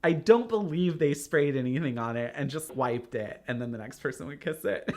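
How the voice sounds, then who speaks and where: A man's voice: a little high, animated, moderate pace. A man co-hosting a podcast in casual chat, telling rambling, self-deprecating stories and laughing often between phrases. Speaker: podcast co-host.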